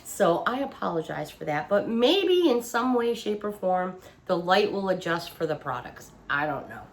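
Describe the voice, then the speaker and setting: A woman's voice: fairly low pitch, big pitch swings, normal speed, slight background noise. A woman chatting casually as she shows off a shopping haul from her couch at home, still getting over being under the weather. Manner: chatty, gushing exclamations. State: recovering from feeling under the weather. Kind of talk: casual chat. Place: living room couch at home.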